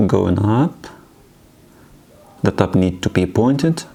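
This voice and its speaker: A man's voice: fairly low pitch, expressive, takes it slowly, vocal fry, mellow, a little hiss or hum. A man teaching a beginner language lesson, patiently repeating words and encouraging the learners. His first language is Arabic.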